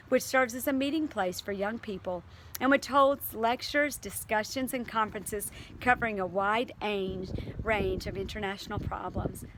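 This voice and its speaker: A woman's voice: on the high side, a little hiss or hum. A woman teacher reading aloud to her class and then talking it over earnestly, with fillers and restarts.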